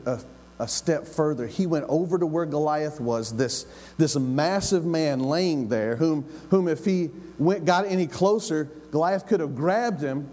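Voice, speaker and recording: A man, a pastor preaching a sermon as a dramatic, animated story with calls to the congregation. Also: a little high, in a large hall.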